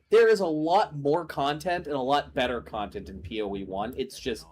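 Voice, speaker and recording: A man's voice: medium pitch, moderate pace, hardly any pauses, husky. A young man hosting a gaming stream, chatting casually and greeting viewers as he plays. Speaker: streamer host.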